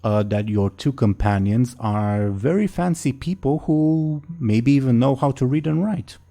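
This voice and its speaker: A man's voice: medium pitch, animated, unhurried, creaky, mellow. A man running a tabletop role-playing game as game master, narrating in a laid-back, hesitant way.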